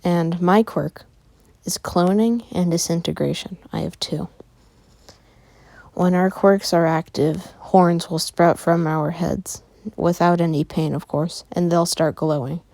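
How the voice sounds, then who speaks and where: A woman voicing a protective young girl, an older sister, in a quiet and hesitant way, in a storybook-style fan tale. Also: lowish voice, fairly even intonation, measured pace, creaky, dry recording.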